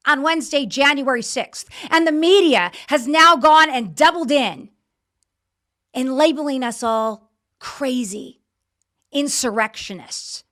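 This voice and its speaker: A woman talk show host with a high, bright voice, opening her show with an emphatic, fired-up monologue. She hammers points home by repeating words, sounding frustrated and angry throughout. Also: unhurried.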